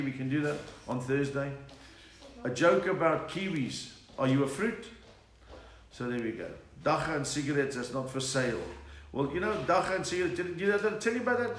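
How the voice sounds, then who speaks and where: A middle-aged South African comedian with a fairly bright, high-side voice tells jokes and chats with viewers on a home livestream. He's chatty and bursts into laughing bits of song. The room is echoey with a faint hiss.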